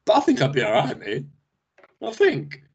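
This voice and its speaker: A man's voice: fairly high pitch, wildly swooping pitch, normal speed, gravelly, lo-fi sound, a little hiss or hum. A young man with a Northern English accent, co-hosting a casual chat, full of slangy banter and mock outrage. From Northern England. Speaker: podcast co-host.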